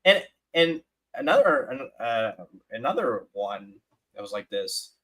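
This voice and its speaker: A man's voice: medium pitch, very animated, unhurried, a bit bright, poor audio. A man co-hosting a live stream, telling a story in casual chat with lots of restarts and fillers. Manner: rambling storyteller, many restarts and "like"s.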